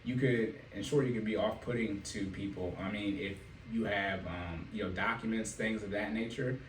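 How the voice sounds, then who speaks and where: A man hosting a casual podcast and working as a financial coach, telling animated stories and laughing often. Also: on the low side, normal speed. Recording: echoey room, mic at a distance, faint noise.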